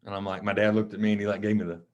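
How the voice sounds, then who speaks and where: A low-voiced man from Mississippi, a coach appearing as a podcast guest, tells stories in a casual interview. He talks very fast and with lively emotion, acting out the dialogue he quotes, and the recording has a lo-fi sound.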